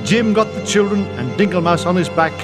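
A man reading a children's story aloud in a playful, animated way. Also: high-pitched, fairly quick. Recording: reverberant, with loud music.

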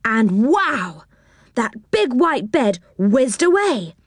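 A woman reads a children's story aloud, taking her time over each phrase. Her voice rises and falls in a very lively way. The recording is close and dry. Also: on the high side, dry recording. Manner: expressive, unhurried storybook reading.

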